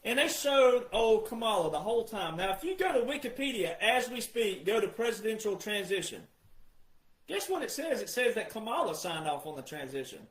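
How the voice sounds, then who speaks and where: Male commentator, insistent and repetitive delivery, higher pitch, echoey room sound. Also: big pitch swings, normal speed. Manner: insistent, repetitive, addresses "ladies and gentlemen". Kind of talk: emphatic monologue.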